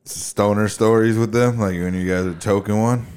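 Deep mellow relaxed podcast host. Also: male voice, normal speed, clear, resonant tone. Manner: relaxed, short reactions, slangy. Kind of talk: casual chat.

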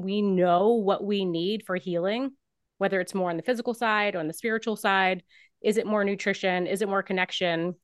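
A woman's voice: medium pitch, dry recording, studio quality. A woman guest on a podcast, speaking in an earnest, reflective way about her experiences. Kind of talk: casual conversational interview.

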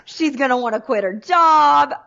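Southern woman, 30s, big dramatic personality, slightly high voice, dull audio. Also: moderate pace, vocal fry. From Southern United States. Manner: animated, dramatic storyteller. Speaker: guest, sales trainer. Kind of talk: casual interview chat.

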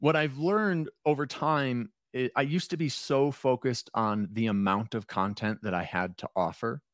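A man's voice: medium pitch, moderate pace, a bit bright, no room sound. Rambling, self-deprecating male podcast guest, a bit stoned, dry close mic. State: a little stoned. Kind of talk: casual podcast chat.

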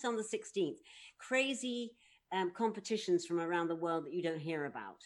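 A woman's voice: on the low side, normal speed. A woman, a voice artist, chatting modestly but animatedly on a video call. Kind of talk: casual chat.

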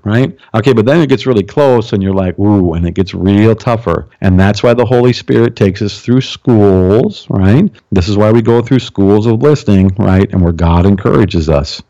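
Low gravelly guy preaching, keeps going "right?", mellow voice, dull lo-fi sound. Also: normal speed, hardly any pauses, no room sound. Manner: animated, keeps asking "right?" and "okay?"; jumps high in pitch for emphasis. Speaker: pastor, guest. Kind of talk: preaching commentary while reading aloud.

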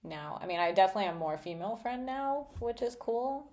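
A woman's voice: fairly high pitch, animated, a little fast, a little mellow, slight background noise. A woman hosting a casual podcast chat, bubbly and laughing, swearing now and then. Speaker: podcast host.

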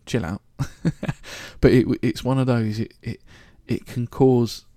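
A man's voice: mid-range voice, fairly even intonation, slow pace, warm tone, no room sound, studio quality. A man from London with a London accent, hosting a solo podcast in a chatty, joking, rambling way. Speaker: podcast host. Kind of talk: casual solo podcast monologue.

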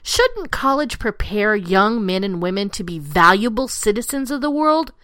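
A woman's voice: mid-range voice, sing-song, moderate pace, a bit bright, no echo, clean studio sound. A woman delivering an angry, sarcastic, profane political rant, punching out short lines.

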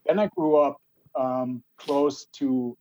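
A man's voice: medium pitch, steady tone, slow, darkish tone, poor audio. A man from Germany chatting hesitantly and with self-mockery on a video call. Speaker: guest. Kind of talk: casual video call chat.

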